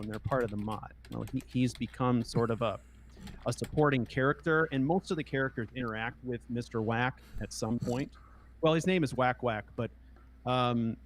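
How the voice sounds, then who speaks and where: Halting male roleplay panelist. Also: medium pitch, a little hiss or hum. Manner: halting, many restarts, acts out character voices. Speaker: panelist, let's-play roleplayer. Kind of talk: panel discussion.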